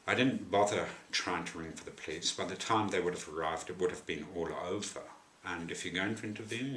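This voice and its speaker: A man's voice: low voice, bright, forceful tone, slight background noise. A man telling a personal story to camera, rambling with wry asides, in an echoey room.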